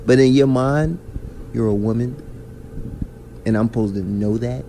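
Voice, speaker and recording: A man's voice: medium pitch, measured pace, a little hiss or hum. A man hosting a podcast, ranting in casual chat full of slang. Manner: animated, ranting, heavy slang. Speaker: podcast host.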